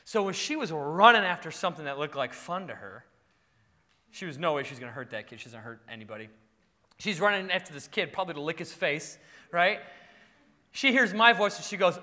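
A man's voice: sits high, moderate pace, pauses often, in a large hall. A male pastor preaching, telling playful stories with frequent laughter. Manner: animated, playful storytelling. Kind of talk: sermon.

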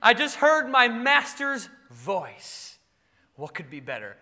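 Eager joyful female dog, put on by a male preacher, high bright voice, long reverb. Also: wildly swooping pitch, takes it slowly, full character voice. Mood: overjoyed.

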